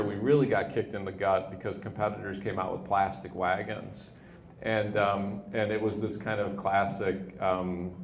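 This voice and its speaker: A man in his fifties with a lowish voice recounts his company's history in a relaxed, anecdotal way, often restarting his sentences. The sound is echoey, with a faint hiss underneath. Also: vocal fry. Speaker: company leader, interview guest. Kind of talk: storytelling in an on-stage interview. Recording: echoey room with faint noise.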